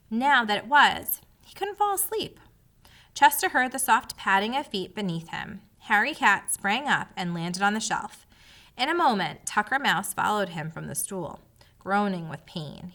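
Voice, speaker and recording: A woman reads a children's book aloud, telling the story expressively. Her voice is bright and clear, and her pitch rises and falls a lot. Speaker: audiobook reader.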